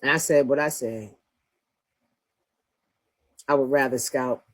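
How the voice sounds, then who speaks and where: A woman's voice: rumbling low, fairly even intonation, takes it slowly. Blunt profane woman ranting on a livestream. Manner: blunt trash-talking, profane, laughs often. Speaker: livestream host. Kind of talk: casual livestream rant.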